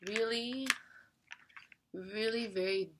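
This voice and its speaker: A woman's voice: medium pitch, fairly even intonation, takes it slowly, noisy background. A young woman vlogging an unboxing in a chatty, giggly way, sometimes talking while she eats. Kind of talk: casual unboxing chat.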